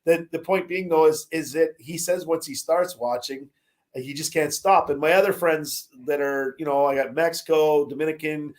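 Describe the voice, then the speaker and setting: A man's voice: on the high side, fairly even intonation, normal speed, a little mellow. Rambling man chatting about sports. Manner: rambling, full of fillers and restarts. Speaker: podcast co-host. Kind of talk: casual chat. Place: Caribbean, remote.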